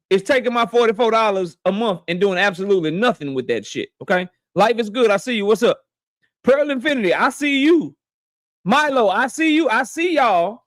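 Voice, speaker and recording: Guy with a high voice running a live stream, slangy shout-outs, aave, dry close mic. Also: dry recording. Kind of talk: casual live stream chat.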